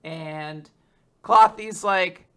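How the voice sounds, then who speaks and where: This co-host has a bright, forward voice and a mid-range pitch. They retell the story loosely, circling back with fillers and quick asides. It is casual, conversational podcast talk. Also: clear, resonant tone. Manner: rambling retelling, many fillers, laughs between lines. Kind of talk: casual manga recap chat.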